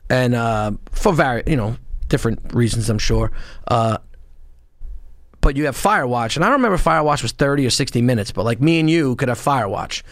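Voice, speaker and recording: A man in casual podcast talk, telling profane, animated stories of his past and acting out shouts along the way. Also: medium pitch, fairly quick, no echo. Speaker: podcast guest, former Marine and police officer. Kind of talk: casual storytelling.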